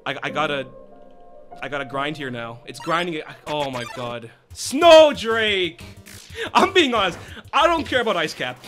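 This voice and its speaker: Give me a young streamer, high-voiced and lively, swearing and laughing as he plays. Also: normal speed, soft background music. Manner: reactive, swearing, laughs often. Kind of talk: let's play commentary.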